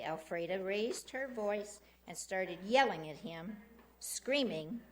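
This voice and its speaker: A woman's voice: medium pitch, expressive, unhurried. A woman giving a public comment at a city council meeting, insistently recounting an incident in detail from a podium microphone.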